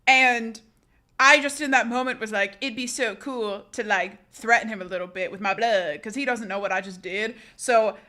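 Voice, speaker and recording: A young woman streamer telling a rambling, excitable story in casual live-stream chat. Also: a little high, moderate pace.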